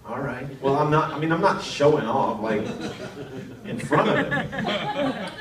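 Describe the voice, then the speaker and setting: A man's voice: on the high side, wildly swooping pitch, unhurried, a crowd in the background. A man in his thirties doing a self-deprecating stand-up comedy set on stage, jumping into quoted voices. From North Carolina, United States. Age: 30s. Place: arts center stage before a laughing audience. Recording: echoey room from far off, loud hiss.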